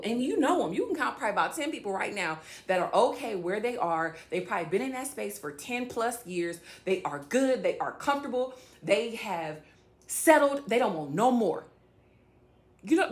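Woman, faith vlogger, rambling casual chat to camera. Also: medium pitch. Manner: chatty, rambling, addresses viewers directly.

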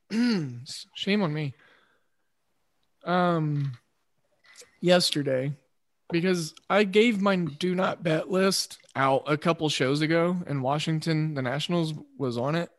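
A man's voice: fairly high pitch, no echo. Man hosting, dry close voice. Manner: thinks aloud, measured with pauses and fillers. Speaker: podcast host. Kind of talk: casual chat.

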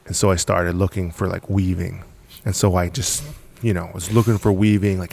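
A man's voice: deep voice, steady tone, fairly quick, creaky, hardly any pauses, darkish tone. A man from the United States, a podcast guest, telling his story bluntly and casually, swearing now and then and laughing between points. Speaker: podcast guest, apparel company founder.

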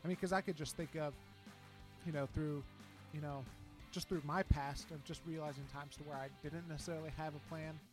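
Higher-voiced male co-host, music behind. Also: steady tone, brisk. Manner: earnest, simple phrasing with fillers. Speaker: podcast co-host. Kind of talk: casual podcast chat.

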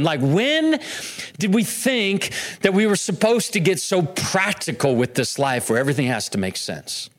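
A male pastor in full sermon, his voice sitting a touch high for a man. He preaches with passion, circling back through repeated phrases and restarting lines as he drives each point home. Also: sing-song, moderate pace. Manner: impassioned, repetitive preaching with restarts.

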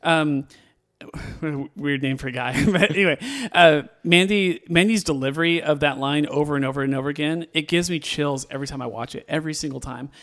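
Enthusiastic rambling man, slightly high voice. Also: fairly quick, fairly bright tone. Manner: enthusiastic, rambling with many fillers and restarts. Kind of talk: casual movie discussion.

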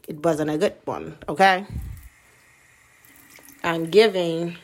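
A woman's voice: low voice, slow pace. A woman podcast host giving a blunt, profane motivational monologue full of rhetorical questions.

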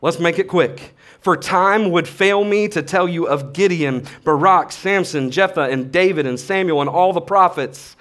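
Pastor, male, 30s, slightly high voice; casual, energetic sermon delivery. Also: moderate pace, hardly any pauses. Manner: casual, animated preaching with slang and swings from soft to loud.

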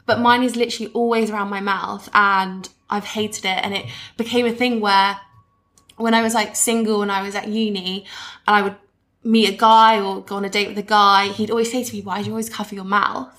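A woman's voice: mid-range voice, level tone, brisk, fairly bright tone. Chatty twenty-something woman guest. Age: 20s. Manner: casual, many fillers and restarts, speaks in likes. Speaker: podcast guest. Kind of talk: casual chat.

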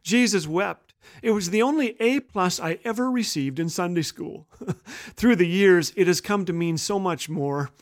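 A man's voice: sits high, moderate pace. A man hosting a humorous devotional radio talk, telling funny stories before an earnest point. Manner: jokey, warm storyteller turning earnest. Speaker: host.

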